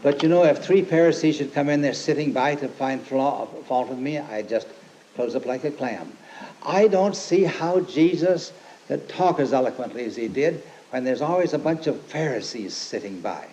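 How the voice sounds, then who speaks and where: An older man preaching an informal, rambling sermon, folksy and emphatic, who turns forceful when he quotes scripture. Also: mid-range voice, animated, normal speed. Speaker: lay preacher and teacher. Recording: dull lo-fi archive recording with faint hiss.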